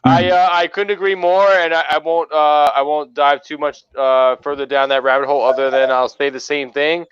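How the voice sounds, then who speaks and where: A man's voice: on the high side, flat delivery, normal speed, hardly any pauses, clean tone, lo-fi sound. A man guesting on a podcast in casual chat, hesitant and full of fillers, swearing now and then. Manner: hesitant, filler-heavy, profane.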